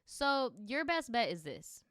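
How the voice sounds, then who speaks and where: A young woman reads viewer stories on a livestream and breaks in with sassy, animated, profane reactions. Her voice sounds smooth and clear, and the sound is dry and close. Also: on the high side, measured pace, no echo. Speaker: streamer reading viewer stories. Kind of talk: livestream story reading with commentary.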